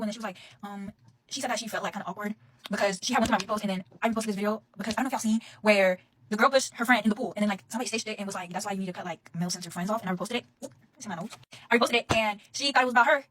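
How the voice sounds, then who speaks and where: A young woman telling a heated, profane storytime straight to her phone camera, talking casually and fast. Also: fairly high pitch, fairly bright tone, slight background noise, rough recording.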